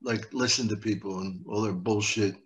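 A man's voice: on the low side, fairly even intonation, normal speed. A man doing improvised comedy as a therapy patient, wisecracking in a sardonic way. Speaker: comedian guest playing a patient.

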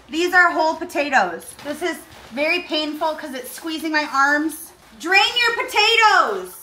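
A woman hosting a comedic cooking tutorial in her home kitchen, talking in an aggressive, deadpan, complaining way while uncomfortable in a costume. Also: high-pitched, echoey room, slight background noise. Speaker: cooking show host.

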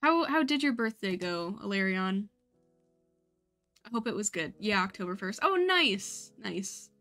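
Woman in her late twenties, casual gaming streamer, bright and talkative, laughs easily, swears a lot, faint music behind. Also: medium pitch, very animated, unhurried. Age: late 20s. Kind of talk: casual gaming livestream chat. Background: light background music.

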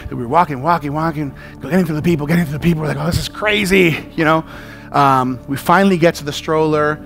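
A man preaching a sermon as a pastor, telling a story with animated delivery and acting out panicked shouts and dialogue. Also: on the high side, quick pace, faint music behind.

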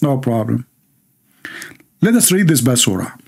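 A man's voice: medium pitch, big pitch swings, measured pace, creaky, breathy edge. A man hosting a livestream, reading viewer comments aloud and mocking them with sarcastic asides and laughter.

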